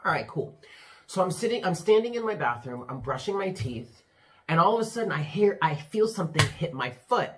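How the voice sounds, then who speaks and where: Animated, swearing man telling a story. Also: high voice, fairly quick, slight background noise. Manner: animated, swears freely, keeps saying "y'all" and "right?". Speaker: tarot reader. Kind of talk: casual storytelling to viewers. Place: his room with the door closed.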